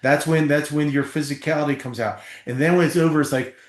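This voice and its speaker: Man, middle-aged, from New Jersey, podcast guest, emphatic storyteller, slightly high voice, echoey room. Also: quick pace. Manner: animated storyteller, emphatic, swears casually. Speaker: podcast guest, former football player. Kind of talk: storytelling interview.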